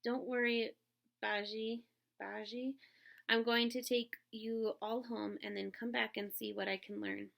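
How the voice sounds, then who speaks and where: A woman's voice: on the high side, level tone, measured pace, gravelly, fairly bright tone. A woman voicing a grown man, a comforting uncle, as she reads a storybook aloud. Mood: reassuring.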